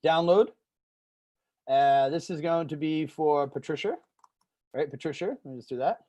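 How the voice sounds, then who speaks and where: A man hosting a casual screen-share software tutorial, loose and rambling, full of fillers. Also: a little high, moderate pace, highs cut off.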